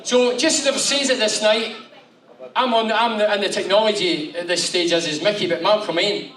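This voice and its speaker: A man in his fifties, with a fairly high voice, spins loose, swearing anecdotes for a room of listeners. He sounds far from the mic in an echoey hall, with the crowd around him. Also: normal speed. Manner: animated, swearing storyteller. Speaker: guest speaker. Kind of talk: after-dinner anecdotes. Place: function room with audience.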